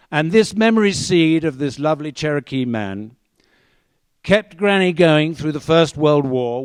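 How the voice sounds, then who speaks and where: A man's voice: medium pitch, smooth, dry recording. A man telling a story on stage, with wry, dry humor. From England. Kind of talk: live storytelling performance.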